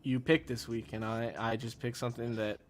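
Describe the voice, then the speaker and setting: A man's voice: medium pitch, little pitch movement, a little fast, faint music behind. A man co-reviewing a comedy film in casual chat, laughing and acting out the lines. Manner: laughing, acts out movie lines. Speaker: guest co-reviewer.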